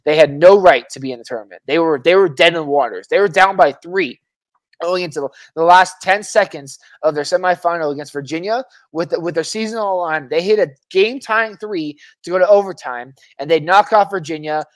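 A man co-hosting a sports podcast, talking in an animated, casual way, repeating words, restarting sentences and swearing freely. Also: on the high side, brisk, no room sound. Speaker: podcast co-host. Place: Arizona.

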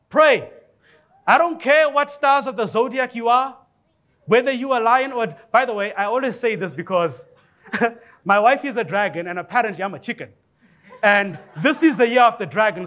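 High-voiced preacher man, animated. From Africa. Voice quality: high-pitched voice. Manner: animated preaching with rising exclamations and humor. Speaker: pastor. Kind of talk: sermon. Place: church.

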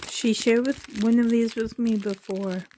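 A woman's voice: on the high side, fairly even intonation, measured pace, dark tone, slight background noise. A woman opening a package on her vlog, gasping with delight, dropping into whispers, emotional and close to tears. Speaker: reborn doll collector, channel host. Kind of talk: excited unboxing vlog.

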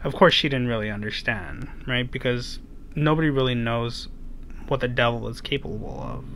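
A man's voice: medium pitch, moderate pace, a bit bright, slight background noise. A man gives a children's sermon in a mid-range voice. He retells the story in a loose, chatty way, full of fillers. He often checks in with his young listeners through rhetorical questions. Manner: casual retelling with many fillers. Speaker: children's ministry preacher.

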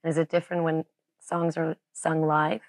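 A woman's voice: deep voice, monotone, moderate pace, no room sound. A woman interviewer on a music channel asking curious, admiring questions.

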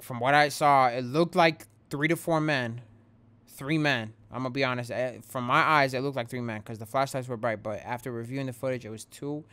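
A man's voice: medium pitch, steady tone, brisk, fairly bright tone, clean tone. A young man who hosts a gaming channel, talking straight to his viewers in a rambling, shaken but earnest way as he vents. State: rattled. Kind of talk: casual direct-to-camera vent.

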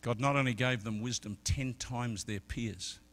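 A middle-aged man preaching a sermon as an evangelist, telling stories and swinging from quiet talk to loud shouted peaks. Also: medium pitch, unhurried. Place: church service.

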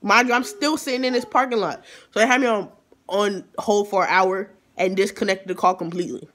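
A man vlogger telling a storytime in an animated, emphatic way, with exasperated asides. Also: sits high, brisk. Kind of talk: storytime vlog.

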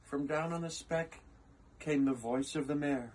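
Man, children's story reading, very slow, playful, slight hiss behind. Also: a little high, darkish tone. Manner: playful, unhurried, with musing asides. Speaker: reader.

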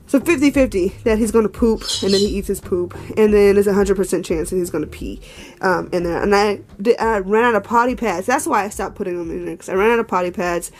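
A woman's voice: mid-range voice, darkish tone, slight background noise. Chatty woman rambling to her puppy. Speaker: vlogger, dog owner. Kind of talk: casual home vlog chat. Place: home, walking between rooms.

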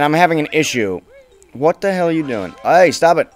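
A man's voice: a little high, animated, normal speed, soft background music. Swearing young gamer man, easily frustrated. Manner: frustrated, swears a lot, bursts into shouts. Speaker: let's play gamer. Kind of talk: casual gameplay commentary.

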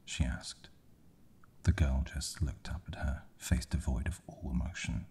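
A man whispering a bedtime horror story in a slow, hushed ASMR reading. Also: very deep voice, steady tone.

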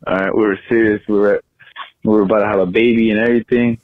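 A young man tells a crude, boastful story in a fairly low voice, swearing freely. It sounds like a phone voicemail: narrow, tinny, and completely dry. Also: flat delivery, fast, no echo. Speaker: caller.

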